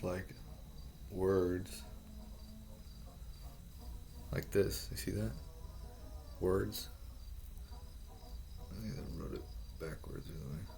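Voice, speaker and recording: Man, deep voice, gravelly, drawn-out pace, profane, halting, rambling explanation. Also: a little mellow, slight background noise. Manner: profane, halting, full of restarts.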